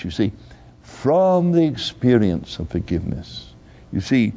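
An older man preaching a sermon slowly and earnestly, repeating his key phrases. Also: mid-range voice, very animated, warm tone. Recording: dull lo-fi recording.

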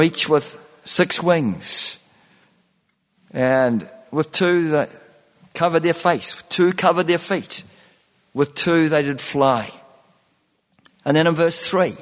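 A man preaches a sermon, letting phrases repeat and leaning on "you know" between thoughts. His voice sits a little high and he speaks at a very unhurried pace. Each line trails off into the long reverb of a big hall. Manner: slow, repetitive preaching with many "you know" fillers.

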